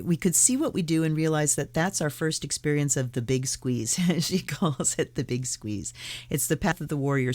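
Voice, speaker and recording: Middle-aged woman, low voice, gentle, conversational teaching talk, playful asides. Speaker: tarot and Buddhism video host. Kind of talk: casual spiritual teaching talk.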